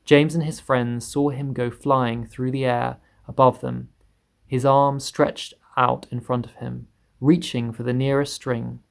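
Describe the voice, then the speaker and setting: A man reading a children's book aloud in steady storytelling, voicing the characters higher. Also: gravelly. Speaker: reader.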